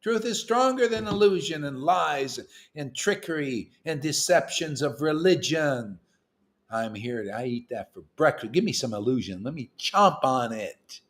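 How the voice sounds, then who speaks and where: Man, somewhat high voice, leading devotees in casual, slangy preaching; emphatic and teasing. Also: expressive, a little slow. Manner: emphatic and slangy, with swings in loudness and pitch; teasing, playful jokes between serious points. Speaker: spiritual teacher leading a devotee gathering. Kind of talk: informal preaching to a small group.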